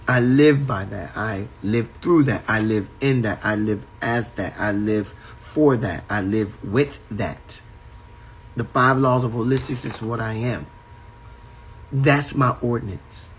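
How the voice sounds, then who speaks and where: A man's voice: mid-range voice, a little hiss or hum, rough recording. A man giving a spiritual talk on a livestream from a home, in an emphatic, repetitive preaching cadence. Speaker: spiritual teacher. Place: at home indoors.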